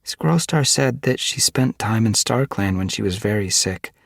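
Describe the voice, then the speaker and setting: A man voicing a gentle, hopeful young female warrior cat in a storybook reading, speaking softly in a raised voice. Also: animated, moderate pace, creaky, no echo, clean studio sound. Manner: soft, hopeful and raised in pitch.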